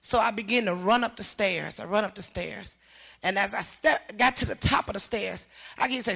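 An older woman giving emotional personal testimony as a mother, talking emphatically and repeating herself, her voice rising into shouts. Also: medium pitch, normal speed, gravelly.

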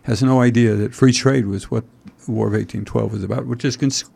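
A man hosting a talk show in casual chat, rambling and halting with frequent fillers and wry asides. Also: medium pitch, steady tone, vocal fry, mellow, husky. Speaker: host.

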